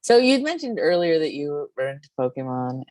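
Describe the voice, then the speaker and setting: A woman's voice: low-pitched, very animated, a little fast, darkish tone, dry recording. A woman hosting an interview podcast, laughing along and asking her guest follow-up questions. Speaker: podcast host. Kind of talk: interview chat.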